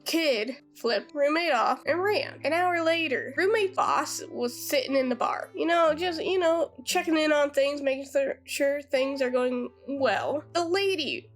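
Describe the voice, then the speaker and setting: A woman telling a story in a casual, chatty way, with quick asides and fillers. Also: high voice, soft background music.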